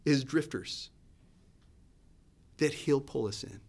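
A man preaching a sermon in a conversational, searching way, often restarting his sentences. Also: takes it slowly. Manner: conversational, searching, with restarts and lively swings in pitch and loudness. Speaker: pastor.

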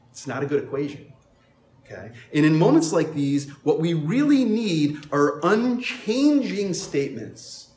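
A man preaching a sermon as pastor, emphatic and animated, with playful asides to the congregation. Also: fairly high pitch, roomy sound.

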